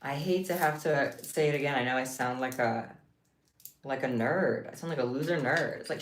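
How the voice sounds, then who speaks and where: A woman's voice: very deep voice, normal speed. A woman streaming live, chatting casually with her viewers and reacting with playful, dramatic exaggeration. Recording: echoey room, mic at distance, faint hiss.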